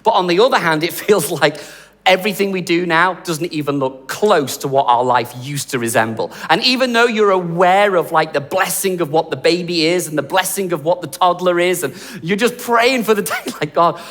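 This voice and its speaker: High-voiced pastor in echoing hall. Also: male voice, normal speed. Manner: animated, conversational, jokey preaching. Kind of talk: sermon.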